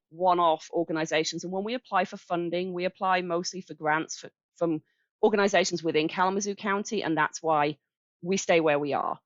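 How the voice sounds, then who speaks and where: A woman's voice: fairly low pitch, no echo. A woman in her forties with a Birmingham English accent, speaking as a guest on a podcast. She is chatty and friendly and lays things out step by step with the odd "um". The recording is dry and a little dull. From England. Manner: chatty, friendly, explains in steps with fillers. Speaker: charity director guest. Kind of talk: casual podcast interview.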